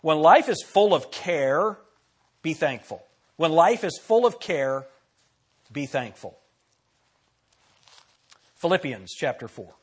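A man delivers a sermon from the pulpit in a somewhat high voice. He repeats key phrases for emphasis and puts questions to his listeners, swinging from forceful declarations down to near-hushed asides. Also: big pitch swings, slow pace, long pauses, breathy edge. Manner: preaching with dramatic swings between loud and soft. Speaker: pastor.

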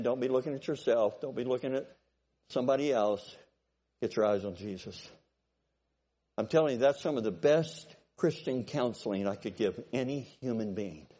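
A pastor in his sixties preaching a sermon, exhorting and building to forceful peaks. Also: mid-range voice.

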